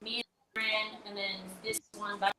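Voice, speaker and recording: A woman's voice: medium pitch, flat delivery, moderate pace, roomy sound, crowd noise, rough recording. A young woman, a singer being interviewed on the radio, talking casually and rambling with many fillers and restarts. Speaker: guest singer-songwriter.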